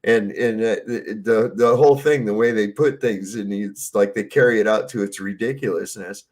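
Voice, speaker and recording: A man's voice: fairly low pitch, fairly even intonation, normal speed, a little mellow. A man chatting casually on a livestream, swearing freely, laughing often and acting out movie scenes.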